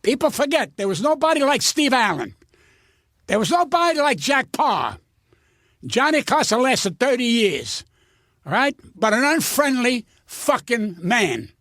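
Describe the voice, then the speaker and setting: Older male comic, blunt and profane storyteller, high animated voice, dry close sound. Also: measured pace, no room sound. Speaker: guest comedian. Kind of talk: storytelling interview.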